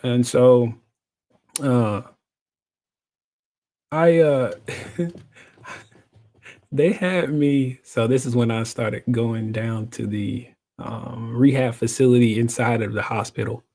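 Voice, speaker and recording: A man's voice: medium pitch, steady tone, slow pace, pauses often, mellow. A man in his thirties telling a personal story as a guest, joking and acting out the other people's voices. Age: 30s. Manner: jokey, acts out voices, laughs often. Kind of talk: animated storytelling.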